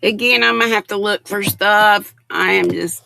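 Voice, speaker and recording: A woman's voice: medium pitch, fairly even intonation, moderate pace, gravelly, pushed and bright, dry recording. A woman in her sixties hosting a casual livestream, chatting affectionately and reading viewer comments aloud. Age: 60s. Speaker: livestream host.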